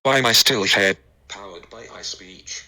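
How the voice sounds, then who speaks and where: A man's voice: on the low side, measured pace. A synthetic male text-to-speech voice reading typed lines in a mechanical, robotic way. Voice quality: synthetic, monotone robotic diction. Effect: computer speech synthesizer.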